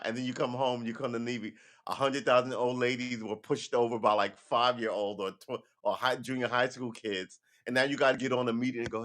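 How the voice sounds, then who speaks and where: A man's voice: medium pitch, little pitch movement, a little fast, few pauses, a bit bright. A man talking casually on a livestream, rambling and profane, with sarcastic asides. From United States. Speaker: livestream host.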